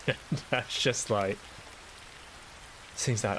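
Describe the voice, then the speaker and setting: A man's voice: mid-range voice, slow pace, long pauses, fairly bright tone, slight background noise, low-quality recording. A man hosting a solo podcast, rambling through a casual monologue in a self-deprecating, sweary way. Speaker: podcast host.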